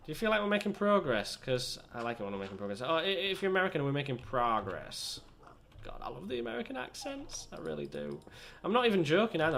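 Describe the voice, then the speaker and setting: A man's voice: on the high side, gravelly, a bit bright, slight background noise. A young British man chatting and rambling in a self-deprecating way while commentating his own gameplay. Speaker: gaming channel host. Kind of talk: let's play commentary.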